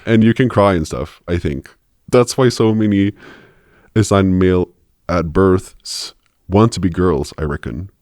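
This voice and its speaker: A man putting on a low-voiced, clueless fellow grumbling about how hard manhood is. He reads in a mock-earnest tone, chuckling now and then. The sound is close and dry. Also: measured pace, a little mellow, dry recording. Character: clueless grumbling cis man posting online. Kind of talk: reading a post aloud.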